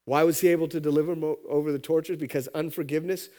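A man preaching a sermon, his voice sitting a bit higher than most men's. He tells a parable with lively energy, jumping up in pitch whenever he acts out the characters, then dropping low and quiet for the serious points. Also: rapid-fire. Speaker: pastor.

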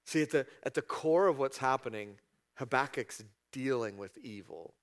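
A man preaching a conversational sermon, reading scripture and voicing prayers and God's replies with sudden raised, higher bursts. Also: expressive, normal speed. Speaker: pastor.

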